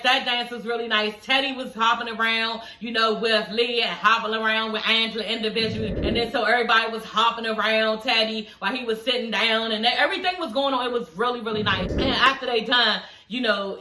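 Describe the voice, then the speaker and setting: A young adult woman giving a casual, animated recap of a TV episode, talking straight to her viewers and swearing freely. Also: on the high side, echoey room, far from the mic, slight background noise, poor audio. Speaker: TV episode reviewer.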